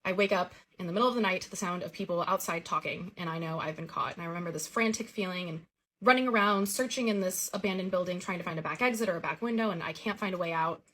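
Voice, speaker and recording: A woman's voice: fairly low pitch, quick pace, a bit bright. A woman telling the story of a recurring childhood dream in a casual, earnest way.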